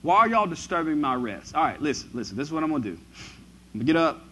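A man's voice: fairly high pitch, very animated, fast, pushed and bright, slight background noise. A preacher playing Jesus as a drowsy, annoyed man woken from a nap, speaking in a laid-back, slangy way. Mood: exasperated.

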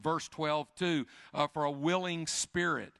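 A male pastor preaching a sermon, building repeated questions to loud emphatic peaks, then dropping to a quiet, confessional low voice. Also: steady tone, unhurried, creaky, no room sound, studio quality. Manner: repetitive, building lists of questions.

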